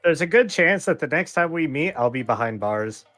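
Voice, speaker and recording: A man playing a tabletop game, talking in an animated, sweary way. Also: on the high side, normal speed, faint music behind. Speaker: player. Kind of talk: in-character tabletop play.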